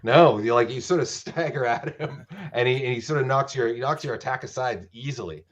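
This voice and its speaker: A man running a tabletop role-playing game as dungeon master, talking in halting bursts with many restarts. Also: medium pitch, muffled recording.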